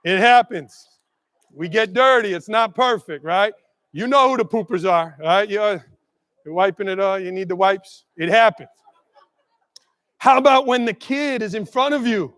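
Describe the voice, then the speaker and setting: A middle-aged man tells stories and jokes from a conference stage, drawing the audience in with questions. His voice sits high for a man. Long reverb from a big hall trails after his words. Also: normal speed. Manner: animated storyteller, asks the audience questions. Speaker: keynote speaker. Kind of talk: energetic keynote talk with jokes.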